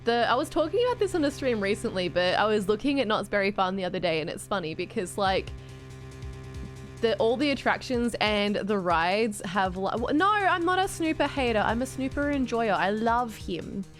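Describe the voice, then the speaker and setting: A woman's voice: medium pitch, lively intonation, faint music behind. Bubbly Australian woman streaming a game. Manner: bubbly, chatty, quick to joke. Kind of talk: live game stream commentary.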